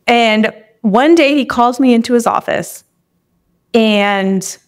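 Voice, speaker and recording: A young woman, a guest on a podcast, tells a personal story slowly in a fairly high, clean-toned voice. She's candid and emotional, tearful at moments, and says "like" a lot.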